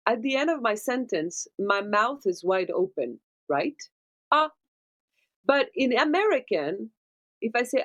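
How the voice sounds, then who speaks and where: A woman, a dubbing producer, gives animated interview answers and keeps checking in with tag questions. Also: on the high side, measured pace. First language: French. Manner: animated explainer, tag questions like right and okay.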